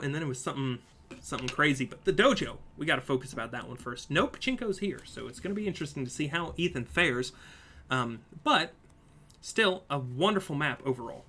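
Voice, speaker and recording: A live-stream host calling a marble race play-by-play, excitable and playful, talking to the viewers as folks. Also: mid-range voice, brisk, a little hiss or hum.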